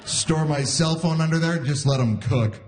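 A man's voice: on the high side, normal speed, heavy background noise. A man in his forties performing a self-deprecating stand-up set live, acting out voices in quotes. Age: 40s. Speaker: stand-up comedian. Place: live comedy venue before an audience. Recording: live audience laughter behind.

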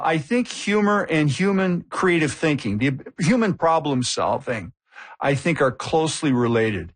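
Thoughtful husky man, interview guest. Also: on the high side. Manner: thoughtful, measured reasoning. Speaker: humor researcher guest.

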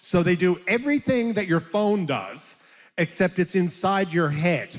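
A middle-aged man, a stand-up comedian, telling an animated, self-mocking story in an interview and laughing as he goes. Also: high-pitched, unhurried, in a large hall, faint music behind.

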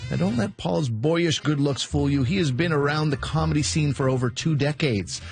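A man's voice: on the high side, moderate pace, creaky, soft background music. A man hosting a broadcast, giving an upbeat scripted introduction to a comedian. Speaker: radio host introducing comedians.

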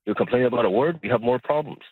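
A man's voice: fast, breathy edge, no room sound. A man from Montreal calling in to a radio show, ranting angrily and repeating himself in disbelief. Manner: exasperated, repeats himself, rising pitch in disbelief. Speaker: caller. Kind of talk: angry call-in rant. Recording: tinny phone line.

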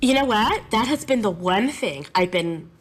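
A woman music teacher answering interview questions in an animated, chatty and emotional way. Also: mid-range voice, moderate pace.

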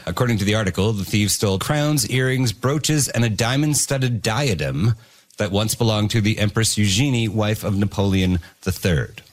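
A man's voice: lowish voice, normal speed. A man hosting a comedy podcast quiz, reading trivia questions and enjoying the guesses. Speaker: quiz host.

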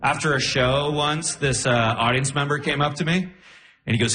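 A young man doing a stand-up comedy set on a club stage, telling his story in an animated way and laughing through his lines. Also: fairly high pitch, normal speed. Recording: roomy club sound with light noise.

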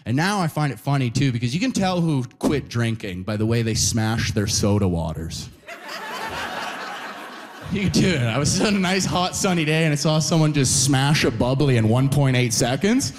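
A male stand-up comedian from Canada telling an animated story, tagging nearly every line with "right?" or "you know?". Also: mid-range voice, moderate pace, background noise.

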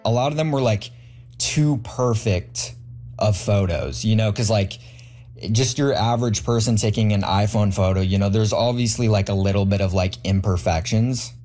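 A man's voice: on the low side, moderate pace, a little mellow. A man from Iowa answering interview questions casually, loose and hesitant with many fillers.

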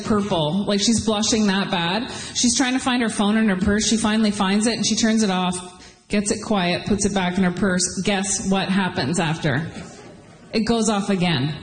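A woman from Ottawa, Canada, doing a chatty stand-up comedy set on a theatre stage and putting on quick voices for her bits. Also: medium pitch. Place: large theatre stage with audience. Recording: echoey hall with room noise.

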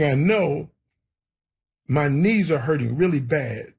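Husky man telling an earnest story. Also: a little high, animated, normal speed, a little mellow. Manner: emotional, earnest storytelling with quoted prayers. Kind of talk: personal storytelling.

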